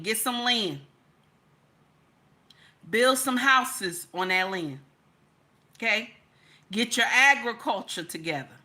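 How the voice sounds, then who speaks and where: A woman's voice: medium pitch, bright, forceful tone. A woman, hosting a livestream and lecturing her chat in an emphatic, repetitive way. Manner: preachy, repetitive, emphatic, says "okay?" often. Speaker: livestream host.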